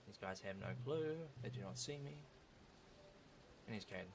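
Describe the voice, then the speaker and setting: A man's voice: fairly low pitch, lively intonation, normal speed, background noise. A man casually commentating his own speedrun with joking, sarcastic asides.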